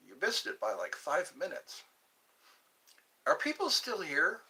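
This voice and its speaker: Man, livestream host, bright lively voice, rambling jokey chat, a bit off-mic. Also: high-pitched, a little slow, pauses often, recorded from a distance. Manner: rambling, jokey, chatting with viewers.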